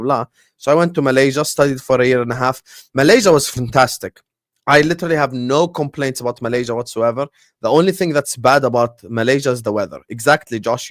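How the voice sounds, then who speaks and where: A man's voice: medium pitch, dry recording, clean studio sound. A young man in his twenties with a Scouse accent, chatting casually and animatedly with viewers in a live Q&A, full of slang and jokes. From Liverpool, England. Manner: animated, slangy, jokey, reads chat aloud. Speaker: streamer answering viewer questions.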